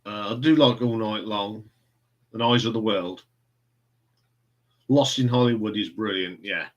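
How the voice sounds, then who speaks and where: A man's voice: lowish voice, measured pace, dull audio. A man in casual, rambling chat, hosting a live stream from home. He answers viewer comments as they come in, chuckling often. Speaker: live stream host reviewing records.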